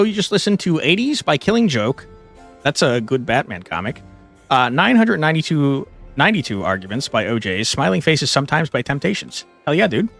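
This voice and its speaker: A man's voice: a little high, vocal fry, fairly bright tone. Laid-back young male gaming streamer. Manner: laid-back, jokey, swears casually. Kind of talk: casual live-stream chat. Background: game music.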